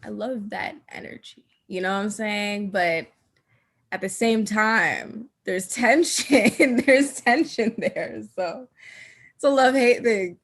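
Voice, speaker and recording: Laughing, chatty woman host. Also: medium pitch. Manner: laughs often, drawn-out filler "like". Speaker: podcast host. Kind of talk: casual chat about astrology.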